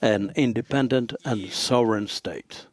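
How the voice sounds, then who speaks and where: A man interpreting a forum speech live, halting, with frequent pauses and fillers. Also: lowish voice. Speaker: conference interpreter.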